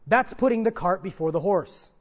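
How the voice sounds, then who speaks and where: Male preacher, high voice, emphatic sermon delivery with loud peaks and soft drops. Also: expressive, normal speed. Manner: emphatic, rises loud on key points, then drops to soft asides.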